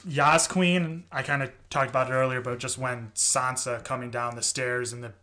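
A man co-hosts a laid-back recap podcast, retelling favorite scenes with a laugh. His voice is bright and forceful. His pitch sits in the middle. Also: steady tone, normal speed. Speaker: podcast co-host. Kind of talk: casual chat.

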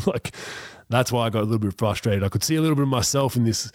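A man co-hosting a basketball podcast, telling stories in a fast, animated way with laughs. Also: medium pitch, no room sound, studio quality. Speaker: podcast co-host and youth basketball coach. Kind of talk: casual chat.

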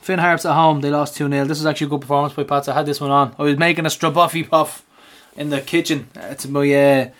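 A man's voice: fairly high pitch, level tone, quick pace, fairly bright tone. An Irish man co-hosting a casual football podcast, joking and bantering and mimicking people as he tells stories. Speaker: podcast co-host. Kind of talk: casual chat about football.

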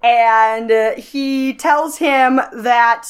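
A woman's voice: a little high, steady tone, extremely slow, clear, resonant tone. A woman co-hosting a podcast, casually recapping a film with wry, joking asides. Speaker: podcast co-host.

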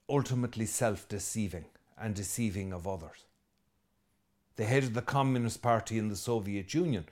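Irish priest preaching a lively sermon. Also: male voice, on the low side. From Ireland. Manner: lively and conversational, with asides and jokes; emphatic, repeating key phrases.

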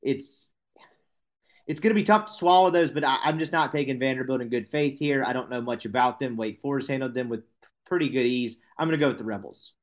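A man's voice: mid-range voice, fairly quick. A man hosting a casual sports betting podcast, rambling and correcting himself with wry asides.

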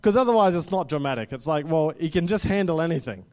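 A male preacher giving a sermon to a live congregation. His voice sits a little higher than most men's, and he talks in an easygoing, conversational way, often tagging his points with a quick question. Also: lively intonation, a little mellow. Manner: conversational, often tags lines with "right?".

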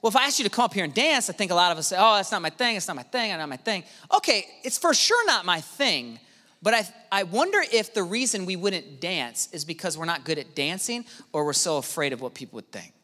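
A man preaching a sermon as pastor, animated, swinging from hushed to shouting. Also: high-pitched, brisk. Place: church auditorium. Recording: reverberant hall with music behind.

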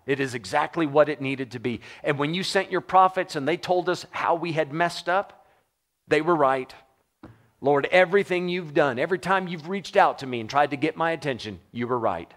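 Animated male preacher. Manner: animated, wide swings from low murmur to high exclaiming; conversational preaching with rhetorical questions. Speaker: pastor. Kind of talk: sermon.

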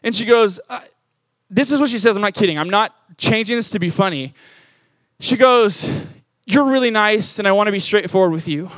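A young man with a high, light voice delivers a sermon in a chatty, storytelling way, full of fillers, getting louder and higher when the story gets exciting. The sound is dry and close, with no room echo. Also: fairly quick. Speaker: preacher.

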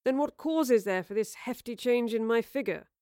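A man's voice: very high voice, moderate pace, darkish tone, clean tone, no room sound, clean studio sound. A woman reading a storybook voices a proud young man with formal, cutting remarks. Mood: probing. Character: young man, proud, sharp-tongued, searching.

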